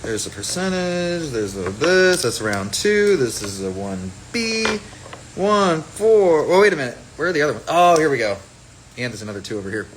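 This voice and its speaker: A man's voice: fairly high pitch, sing-song, normal speed, slight background noise, rough recording. Rambling playful man on a livestream. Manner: rambling and playful, jumping between topics. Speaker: livestream host selling his own fragrance. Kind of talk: casual livestream chat. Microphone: phone livestream.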